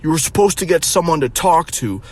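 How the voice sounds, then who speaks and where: An exasperated middle-aged mother nags and scolds, pleading in a pitched-up voice, as a young man imitates her. The voice sits clearly higher than his usual register. It is a rough, offhand impression thrown into a story. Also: expressive, brisk, a little mellow.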